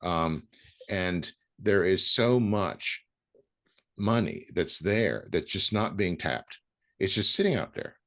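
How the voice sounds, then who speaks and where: A man hosting an interview, talking in a halting way with many ums and restarts, then landing his points with emphasis. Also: low voice, lively intonation, a bit bright. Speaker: podcast host. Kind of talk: conversational interview.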